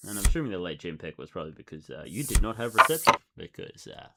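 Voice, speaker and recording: A man giving casual running commentary as he plays online poker, thinking aloud and swinging from excited outbursts to low muttering. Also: fast, vocal fry, hardly any pauses, heavy background noise.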